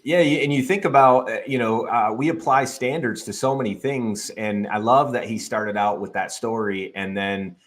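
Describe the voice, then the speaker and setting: A man's voice: medium pitch, normal speed, hardly any pauses, a bit bright. A man co-hosting a podcast who chats casually and thinks aloud, with many fillers. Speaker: podcast co-host. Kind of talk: casual chat.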